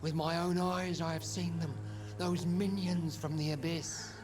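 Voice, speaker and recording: A man's voice: on the high side, fairly even intonation, unhurried, close to an everyday voice. Man voicing a zealous priest, preachy, ominous, video game dialogue, music behind. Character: fanatical doomsaying male priest, zealous.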